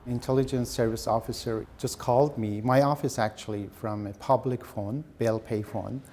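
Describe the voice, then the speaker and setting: A man's voice: mid-range voice, fairly even intonation, normal speed, a little mellow, slight background noise. Earnest man with some hesitation. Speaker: interviewee. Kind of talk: interview answers.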